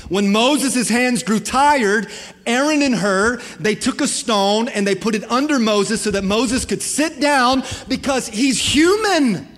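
Male pastor, high voice, fiery call-and-response preaching, long hall reverb. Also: slow, a bit bright. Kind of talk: sermon.

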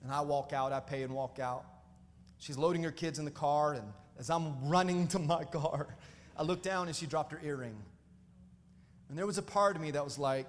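A man with a notably high voice preaches a storytelling sermon, animated and often calling out to his congregation. His voice rings through a church hall with a long echo. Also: fairly quick, slight background noise. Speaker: pastor.

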